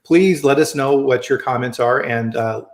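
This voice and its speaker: A man's voice: medium pitch, moderate pace, echoey room. Chatty man hosting a live stream. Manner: chatty, friendly, restarts often. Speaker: host. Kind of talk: casual live-stream chat.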